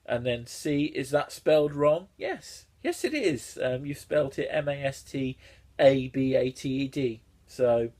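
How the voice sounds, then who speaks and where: Sardonic man, husky voice. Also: mid-range voice, animated, measured pace, darkish tone. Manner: sardonic, swearing, laughing asides. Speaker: YouTuber reviewing fan fiction. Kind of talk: comedic read-through commentary.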